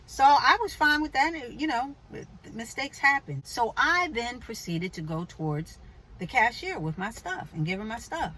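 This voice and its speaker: A woman vlogger telling a personal story to her viewers in a chatty, animated way, with asides to the viewer. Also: a little high, normal speed, low-quality recording. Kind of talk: casual storytelling to camera.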